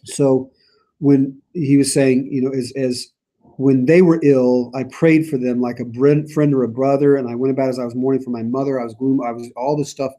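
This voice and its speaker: A man with a mellow, medium-pitched voice leads a Bible study in a church meeting room, speaking at a moderate pace with little pitch movement. In a casual, musing way, he reads scripture aloud with emphasis between his own remarks.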